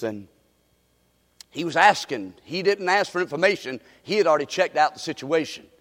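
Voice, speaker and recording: A man preaching an animated storytelling sermon, often asking the congregation questions. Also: a little high, moderate pace. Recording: echoey hall recording.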